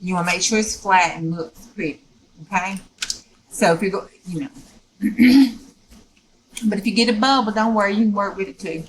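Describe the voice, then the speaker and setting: A woman's voice: mid-range voice, fairly even intonation, normal speed, long pauses, rough recording. A woman talks through a craft project step by step. She is folksy and rambling and keeps checking in with the viewer. The close recording has a faint hum of background noise. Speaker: craft tutorial host.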